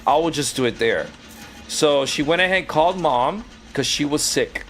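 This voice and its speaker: A man's voice: a little high, moderate pace, soft background music. A man who streams games and used to teach, casually telling stories from his classroom and acting out the voices of the people in them. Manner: animated, acts out quoted voices. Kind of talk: casual storytelling while gaming.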